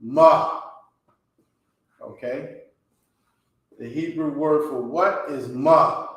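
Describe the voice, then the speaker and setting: A man teaching a language class, pronouncing words slowly and checking in with "okay?" after nearly every phrase. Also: medium pitch, a bit bright. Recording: very echoey room.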